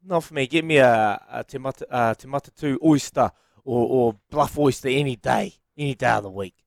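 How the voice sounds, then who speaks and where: Excitable New Zealand radio host man. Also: medium pitch, brisk, creaky, dry recording, studio quality. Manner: excitable, exclaiming, restarts often. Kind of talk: casual morning radio chat.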